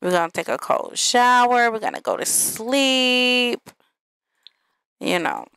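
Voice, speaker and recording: A woman's voice: a little high, animated, slow pace, vocal fry, fairly bright tone, dry recording. A young woman casually narrating her life-simulation game, chatty and sassy, speaking straight to viewers. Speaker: gaming video host.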